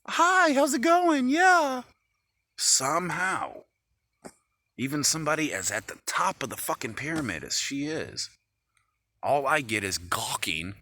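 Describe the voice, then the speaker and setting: A man's voice: medium pitch, sharp tone, dry recording. A man rambling into his phone camera in an agitated, profane rant. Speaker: vlogger.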